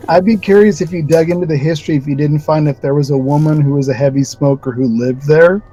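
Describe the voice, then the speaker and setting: Joking cohost, mellow dark voice, easygoing questions. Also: mid-range voice, fast, husky, lo-fi sound. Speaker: podcast co-host. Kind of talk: casual chat.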